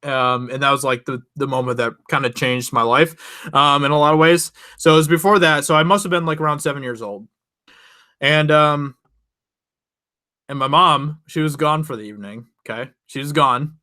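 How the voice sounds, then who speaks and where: A man's voice: on the high side, normal speed, pushed and bright. A young man hosting his channel, casually telling a rambling personal story to his viewers and laughing often. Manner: rambling, chatty, laughs often, many restarts. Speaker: channel host.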